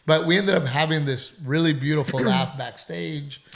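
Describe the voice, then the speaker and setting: A man with a gravelly, creaky voice tells a story in a casual podcast chat. His delivery is emphatic, and he swears freely. He sounds congested, as if he is recovering from being sick. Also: fairly high pitch, fairly even intonation, moderate pace, a bit bright. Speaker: comedian.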